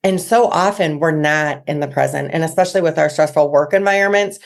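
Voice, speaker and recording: A woman hosting an interview podcast, casual and quick to laugh, summing up her guest's points. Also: low-pitched, vocal fry. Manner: warm-hearted, laughs easily, sums up the guest's points. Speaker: podcast host.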